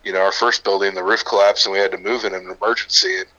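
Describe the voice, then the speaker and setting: A middle-aged man, a gym owner and coach, chatting casually on a podcast, relaxed and swearing freely as he tells stories. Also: low-pitched. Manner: laid-back, swears freely, drawn-out storytelling. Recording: muffled lo-fi audio.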